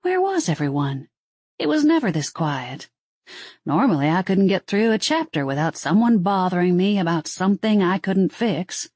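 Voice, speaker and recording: A woman's voice: fairly low pitch, very animated, moderate pace, darkish tone, no echo. A woman narrating a first-person audiobook in a wry storytelling manner.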